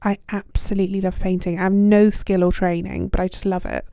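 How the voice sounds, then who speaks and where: A woman's voice: mid-range voice, little pitch movement, brisk, gravelly, mellow, no room sound, studio quality. A young British woman hosting a podcast, talking in a casual, self-deprecating way with plenty of ums and likes. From United Kingdom. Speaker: podcast host. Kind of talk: casual reflective monologue.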